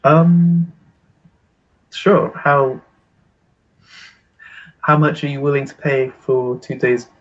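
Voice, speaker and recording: A man playing in a tabletop game, speaking hesitantly and halting in character. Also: on the high side, steady tone, lo-fi sound. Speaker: player.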